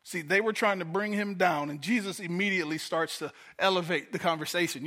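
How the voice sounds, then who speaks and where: Guest pastor from Detroit, man, bright and slightly high, chatty sermon delivery. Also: fairly quick, few pauses. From Detroit, USA. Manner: conversational, repeats words when starting a thought.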